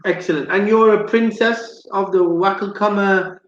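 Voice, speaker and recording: A man's voice: high-pitched, steady tone, moderate pace, a bit bright, roomy sound, dull audio, a little hiss or hum. A man hosting a live chat show, chatty and teasing, who says "excellent" a lot. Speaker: host. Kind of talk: live radio-style chat.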